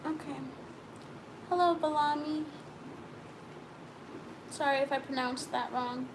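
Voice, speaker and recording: A woman's voice: high-pitched, steady tone, takes it slowly, noisy background. A young woman co-hosting a casual live stream, chatting sleepily and reading viewer comments aloud.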